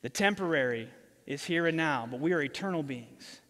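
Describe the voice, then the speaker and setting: A male pastor giving an animated, casual sermon in a church. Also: a little high, moderate pace. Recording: reverberant church hall.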